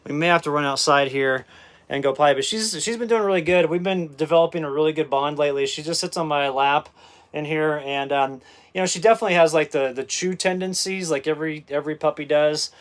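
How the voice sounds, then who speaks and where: Hosting a relaxed live stream from his off-grid rural land, a man with a fairly high voice speaks at a quick pace and greets viewers by name, calling them "brother." The low-quality phone recording has no echo but picks up gusty wind, both outside on the windy property and inside a camper.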